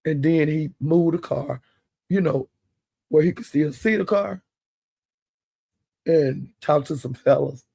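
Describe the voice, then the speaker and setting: A man's voice: fairly high pitch, takes it slowly, vocal fry, long pauses, mellow, breathy edge, no room sound. An older man giving blunt, profane commentary in casual chat. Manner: blunt, profane, plain-spoken. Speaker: live-stream commentator.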